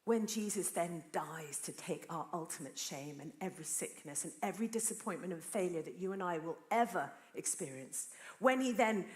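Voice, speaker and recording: A woman preaching a sermon, telling a story in an earnest, animated way. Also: fairly low pitch. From Britain. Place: church. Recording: roomy church echo.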